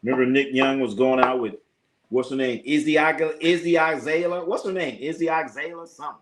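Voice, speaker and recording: A man's voice: a little high, a little fast, background noise. A man hosting a casual sports livestream. He reads out viewer comments, rambles, repeats himself, swears and laughs often. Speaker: sports talk livestream host. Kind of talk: casual live-stream chat reading viewer comments.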